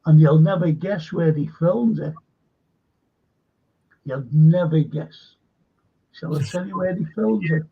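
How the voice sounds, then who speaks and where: A man with a high, husky voice spins a rambling anecdote and throws himself into the quoted dialogue. The sound is dull and lo-fi. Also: takes it slowly, long pauses. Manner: rambling storyteller, acts out quotes animatedly. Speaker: show co-host. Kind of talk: casual anecdotal chat.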